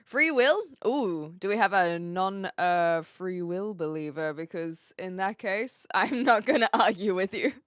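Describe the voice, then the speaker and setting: A woman's voice: medium pitch, lively intonation, a little slow, hardly any pauses, clean tone, no room sound, studio quality. A woman from New Zealand with a light accent, chatting casually with viewers on a live stream, laughing often and trailing off mid-sentence.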